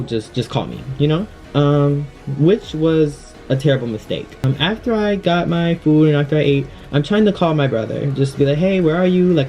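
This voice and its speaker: A man's voice: mid-range voice, dull audio. Chatty young man telling a storytime. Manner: chatty, filler-heavy, animated retelling. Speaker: vlogger. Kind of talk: casual storytime.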